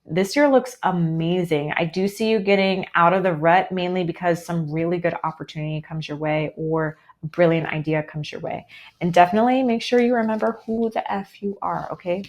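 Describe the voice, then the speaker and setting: A woman's voice: on the low side, a little fast, a little mellow. Chatty upbeat American woman. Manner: chatty and upbeat, heavy with fillers like "um" and "like". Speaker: tarot reader. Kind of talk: live-streamed tarot reading.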